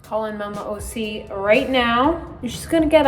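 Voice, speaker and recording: A woman's voice: on the high side, normal speed, faint music behind. A young adult woman narrating a casual workout vlog, breezy and chatty, with lots of "like" fillers. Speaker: fitness vlogger.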